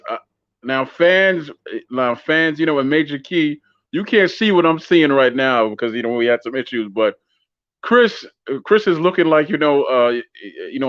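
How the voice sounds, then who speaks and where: A man's voice: mid-range voice, dry recording. A man in his fifties co-hosting an interview, friendly and chatty with lots of fillers. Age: 50s. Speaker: co-host. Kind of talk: casual interview talk. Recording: dull lo-fi call audio.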